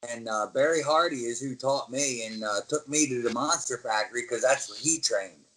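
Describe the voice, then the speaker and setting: Speaking at normal speed with a medium pitch, a middle-aged American man who used to wrestle professionally tells stories in a casual interview. He acts out the voices of everyone in them with real animation, though the recording is rough.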